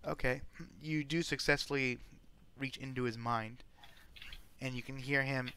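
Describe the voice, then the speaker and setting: Halting male game master, mid voice. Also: medium pitch, steady tone, pushed and bright, smooth. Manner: halting, restarts often. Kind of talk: narrating a tabletop game.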